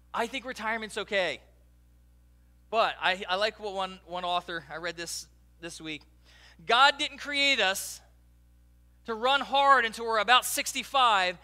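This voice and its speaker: A man preaching a sermon as a pastor, joking and talking directly to the congregation in a lively, conversational way. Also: extremely high pitch. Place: church.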